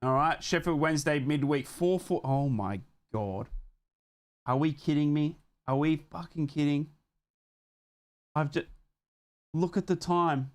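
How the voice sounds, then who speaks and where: An Australian man hosting a live football watchalong, calling the match with loud fan excitement and giving slangy thank-yous to his viewers. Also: on the high side, a little slow, pauses often. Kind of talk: live fan commentary and stream sign-off.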